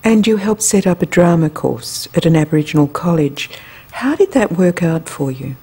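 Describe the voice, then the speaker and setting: Breathy, mellow woman interviewer. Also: fairly low pitch, expressive, moderate pace. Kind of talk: interview questions.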